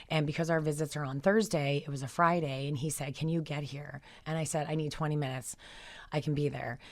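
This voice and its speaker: A woman's voice: low-pitched, darkish tone. A middle-aged woman, founder of a therapy dog group, telling emotional, rambling stories in a radio interview with many fillers.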